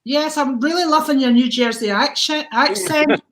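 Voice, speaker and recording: A woman's voice: sits high, moderate pace, fairly bright tone. A woman hosting a casual livestream chat about mediumship, effusive and enthusiastic as she greets viewers by name. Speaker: host, mediumship teacher.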